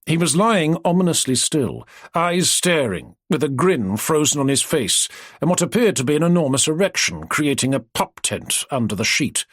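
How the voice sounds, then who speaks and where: At normal speed and with a pitch on the high side, a man expressively reads a scripted audiobook narration. The recording is dry and of studio quality.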